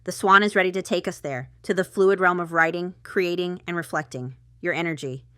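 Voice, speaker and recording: A woman's voice: lowish voice, a little fast, bright, forceful tone, clean tone, no room sound, studio quality. A woman giving a casual tarot reading to camera, chatty and rambling, with asides and stifled laughter. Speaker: tarot reader.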